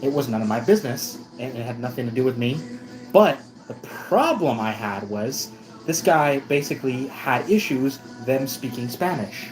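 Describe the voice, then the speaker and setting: Man in a storytime vlog, middle pitch, rambling and self-correcting, with faint music underneath. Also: low-quality recording. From United States. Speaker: vlogger.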